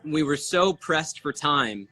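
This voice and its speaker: A man's voice: a little high, expressive, slow, pushed and bright, poor audio. A man co-hosting a casual livestream, asking the host for stories and passing on viewer requests. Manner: prompting questions, relaying viewer requests.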